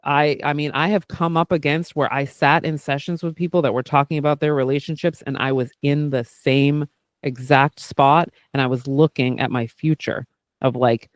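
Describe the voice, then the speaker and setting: A man talking in a casual podcast chat, candid and animated, with a fairly high voice. He swears freely and tucks "like" and "right?" into almost every thought. The sound is close and dry. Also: moderate pace, no room sound. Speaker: podcast host and therapist doing intuitive work.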